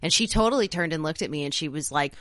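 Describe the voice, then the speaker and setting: A woman's voice: deep voice, lively intonation, quick pace, fairly bright tone, dry recording, studio quality. A woman co-hosting a podcast, telling a story in casual chat, blunt and cursing freely. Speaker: podcast co-host.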